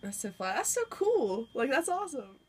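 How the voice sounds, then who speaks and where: A woman guessing what slang words mean, in a playful, giggly, drawn-out way. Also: high-pitched, sing-song, a little mellow, breathy edge. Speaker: interviewee guessing word meanings. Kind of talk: casual guessing.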